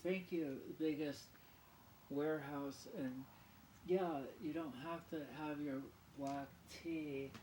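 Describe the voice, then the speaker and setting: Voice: medium pitch, darkish tone, echoey room, a little hiss or hum, rough recording. A vlogger talking to camera in a rambling, casual monologue, often apologizing and drifting into rants. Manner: rambling, keeps apologizing, ranting.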